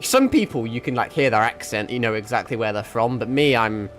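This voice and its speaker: Gaming on a livestream, a young English guy with a blended northern accent talks brisk and casual in a mid-range, somewhat bright voice. He rambles, laughs often and swears freely over quiet background music.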